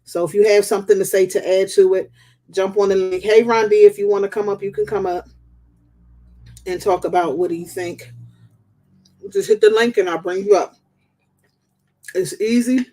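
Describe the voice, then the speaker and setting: A woman's voice: mid-range voice, fairly even intonation, a little fast, pauses often, dark tone. Woman, live-stream host, casual chat, candid, loose, computer mic. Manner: open and candid, loose and conversational.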